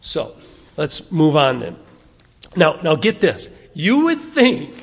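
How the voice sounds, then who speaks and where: A male pastor delivering a sermon with a slightly higher-than-usual voice, warm and conversational yet earnest. He keeps firing rhetorical questions at his listeners and doubles back on phrases for emphasis. His voice carries a long reverb from a church hall. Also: wildly swooping pitch, slow, vocal fry, husky. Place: church sanctuary.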